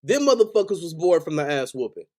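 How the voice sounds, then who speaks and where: A man rants about his team on a sports stream, swearing constantly and repeating his points in anger. His voice sits a little high yet sounds warm and dark rather than bright. He is plainly fed up. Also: big pitch swings, quick pace. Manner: heated, profane, repetitive ranting. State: angry. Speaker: sports podcast host. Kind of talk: angry fan rant on a live stream.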